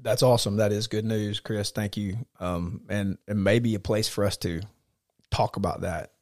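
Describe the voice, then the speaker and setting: Man, podcast host, casual faith chat, earnest, fairly low voice, dry close sound. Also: steady tone, moderate pace, darkish tone, no echo. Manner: earnest, repeats words as he thinks.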